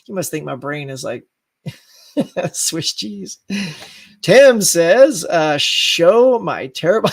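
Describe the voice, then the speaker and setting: Man hosting a live stream, rambling, laughs a lot, somewhat high voice. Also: very animated, drawn-out words, creaky, pauses often, slightly rough. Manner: rambling, laughs often, goes off on tangents. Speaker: host of a live stream show. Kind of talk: casual live-stream chat reading viewer comments.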